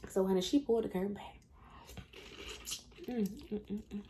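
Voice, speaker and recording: A woman casually telling a story while eating on camera, chatty and animated, calling the listener honey. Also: mid-range voice, moderate pace, long pauses. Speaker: mukbang storyteller.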